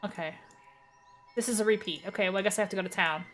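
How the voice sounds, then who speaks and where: A woman streamer reading a visual novel aloud and reacting in a blunt, profane, excitable way. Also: mid-range voice, fast talker.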